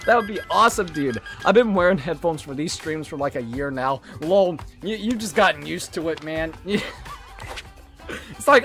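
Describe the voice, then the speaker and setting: A game streamer giving profane live commentary, shouting and laughing at the game. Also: mid-range voice, lively intonation, normal speed, soft background music.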